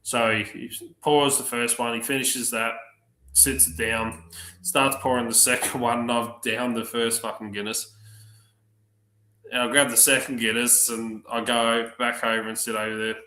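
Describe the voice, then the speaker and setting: A man telling profane, lively stories on a livestream, acting out the other people's lines. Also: mid-range voice, moderate pace. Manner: profane, animated anecdotes acting out other voices. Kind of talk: casual storytelling on a livestream. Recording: roomy echo.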